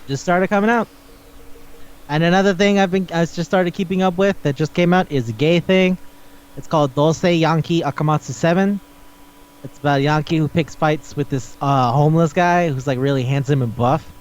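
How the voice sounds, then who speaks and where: A man's voice: a little high, fairly quick, dull audio. A man hosting a podcast in casual chat, retelling stories animatedly and acting out the characters' lines. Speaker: podcast host.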